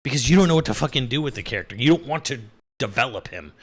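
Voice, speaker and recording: A man's voice: mid-range voice, animated, very fast, slightly rough. A young adult man giving a casual, exasperated review, swearing freely and laughing as he rambles. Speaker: video reviewer. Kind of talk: casual rant.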